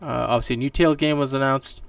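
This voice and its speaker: Rambling gravelly man on gaming news. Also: medium pitch, fairly even intonation, fast, dry recording. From Canada. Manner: rambling, many fillers and restarts. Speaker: podcast host. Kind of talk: casual solo gaming news commentary. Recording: distant mic, dry room.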